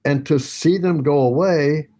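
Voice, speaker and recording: A man's voice: a little high, unhurried, mellow. A man in his sixties, a senior yoga teacher, telling a personal story on a video call with humor and self-mockery, acting out other voices and laughing often. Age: 60s.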